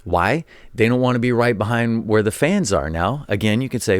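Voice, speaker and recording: On his own show, a former college coach tells casual sports stories in a rambling commentary monologue, often repeating words and acting out the voices of people he quotes. His mid-range voice is clear and resonant, with lively intonation and a fast clip with few pauses, recorded in clean studio sound without echo.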